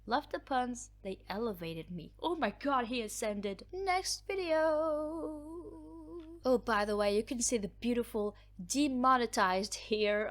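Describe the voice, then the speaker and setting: A woman with a somewhat high voice talks casually through viewer comments on her book channel. She laughs often and jokes about herself. Her voice cracks at times. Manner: chatty, laughs often, self-mocking.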